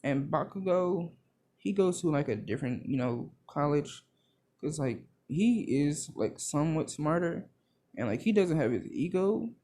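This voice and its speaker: A young man narrates a made-up fan story in a casual, rambling way, leaning on fillers. He talks slowly, with a lively, swinging pitch. His voice sounds soft and dark. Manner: rambling, full of "like" and "you know" fillers. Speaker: video creator.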